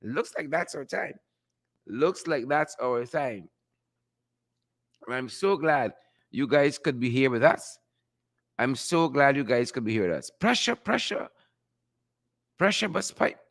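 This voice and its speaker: A man's voice: mid-range voice, unhurried, pauses often. A man hosting a live-stream call-in show, playful and chuckling, who keeps repeating his catchphrases. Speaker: host.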